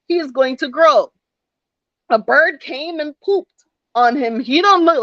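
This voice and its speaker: A woman's voice: sits high, animated, normal speed, a bit bright, no room sound. A woman in her thirties giving an emphatic, preachy motivational talk with folksy asides. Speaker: motivational speaker. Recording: dull, dry lo-fi sound.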